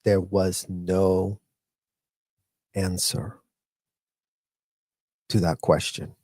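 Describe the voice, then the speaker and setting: A man's voice: sits low, fairly even intonation, very slow, a little mellow, no echo, clean studio sound. A man giving heated, profane commentary, ranting in repetitive bursts about his upbringing. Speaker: commentator and former child member of the group. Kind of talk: angry commentary rant.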